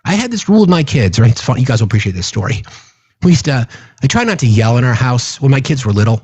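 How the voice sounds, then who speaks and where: A middle-aged man hosts a livestream, talking casually, earnestly and passionately to his chat and often swearing for emphasis. His medium-pitched voice swings widely in pitch, moves fast, and sounds a little mellow and slightly rough, with no echo.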